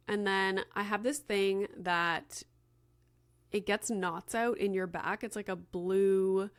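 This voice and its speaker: A woman's voice: medium pitch, smooth. A woman in her thirties hosting a podcast, casually telling a story with lots of "like" fillers and acted-out dialogue. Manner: chatty, many "like" fillers, acts out quoted dialogue. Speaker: podcast host.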